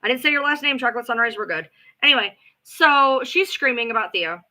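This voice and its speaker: Middle-aged woman streamer, profane and sarcastic gossip, lively pitch. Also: a little fast. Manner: animated, profane, sarcastic gossip with acted-out quotes. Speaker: livestream host. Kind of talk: casual storytelling on a livestream.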